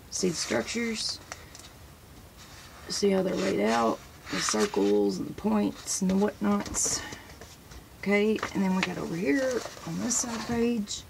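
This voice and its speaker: Woman host, gravelly voice, casual and rambling, eager to show pictures from her books. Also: medium pitch, background noise. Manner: sprinkles praise phrases into talk. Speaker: religious video host. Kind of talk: casual show-and-tell talk to camera.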